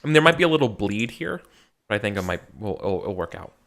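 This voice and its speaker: A man's voice: lowish voice, very animated, fast talker, creaky, a bit bright. A man playing in a tabletop game, easygoing and a bit hesitant. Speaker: player. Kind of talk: casual role-play chat.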